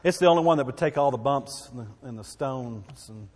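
A man's voice: medium pitch, brisk, a little mellow, big-room sound. A man preaching a sermon as a pastor, in a conversational, folksy way with asides and repeated phrases.

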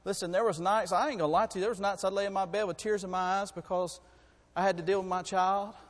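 A man, preaching a folksy sermon that rises to fervent shouting. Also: sits high, fairly even intonation, fast, big-room sound.

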